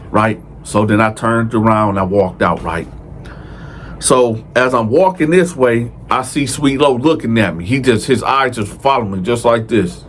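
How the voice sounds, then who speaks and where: Male storyteller, casual monologue, slangy and animated, mid pitch, faint room noise. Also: moderate pace. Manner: animated, acts out quoted dialogue with raised pitch; heavy slang, talks directly to viewers.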